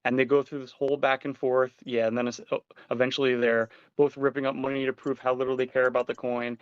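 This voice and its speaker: A man hosting a casual chat show, telling stories with animated energy and some casual swearing. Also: medium pitch, quick pace, clean tone, no echo, highs cut off. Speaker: podcast host.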